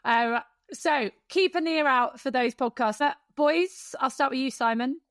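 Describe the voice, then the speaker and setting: A woman's voice: high voice, a little slow, no echo, clean studio sound. A woman co-hosting a podcast, chatting casually and telling stories with lots of fillers. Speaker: podcast co-host. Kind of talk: casual chat.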